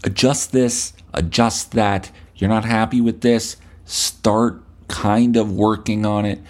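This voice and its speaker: A man's voice: on the low side, flat delivery, slow. A male podcast host delivering a blunt, profane, scolding rant at the listener. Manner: blunt, scolding, heavy swearing.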